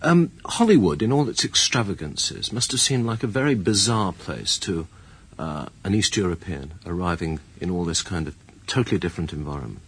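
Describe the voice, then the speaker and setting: A man's voice: sits low, lively intonation, moderate pace, hardly any pauses, fairly bright tone, breathy edge. A man hosting a radio interview, introducing music and prompting his guest.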